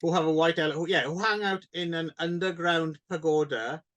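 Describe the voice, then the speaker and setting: A man's voice: a little high, steady tone, fairly quick, fairly bright tone. A man co-hosting a casual film podcast, musing thoughtfully with hesitant restarts. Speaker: podcast co-host.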